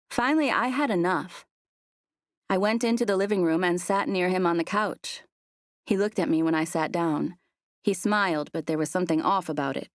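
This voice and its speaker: A woman narrating a first-person romance audiobook with soft, earnest storytelling. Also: on the low side, dry recording, clean studio sound.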